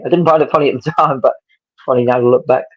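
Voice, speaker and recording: A man's voice: mid-range voice, rapid-fire, muffled recording. A man from England with an English accent, telling stories as a guest, animatedly acting out the people he quotes. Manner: animated storyteller who acts out quotes. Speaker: wrestling promoter and guest. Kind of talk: casual storytelling interview.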